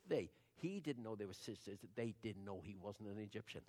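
An older man, preaching in a conversational, storytelling sermon that drops to hushed asides and rises to loud declarations. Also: lowish voice, lively intonation, fairly quick.

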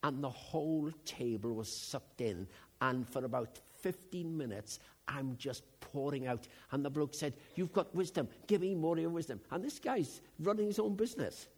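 Male preacher, husky voice, fairly high, conversational sermon, hushed then loud. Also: lively intonation, normal speed.

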